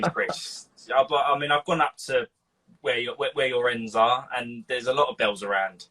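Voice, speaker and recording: A man hosting a casual live stream, chatty and animated, acting out quotes as he tells stories. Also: medium pitch, moderate pace, low-quality recording. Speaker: host.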